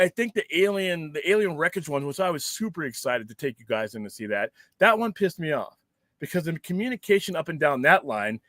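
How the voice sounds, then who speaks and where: Casting: male host, high voice, heated profane rant, dry close sound. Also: no room sound. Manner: heated, profane, animated ranting. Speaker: podcast host. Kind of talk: casual ranting chat.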